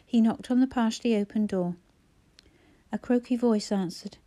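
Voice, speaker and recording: A woman reading a novel aloud as narrator, calm and measured. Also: on the high side. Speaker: audiobook narrator. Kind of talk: scripted narration.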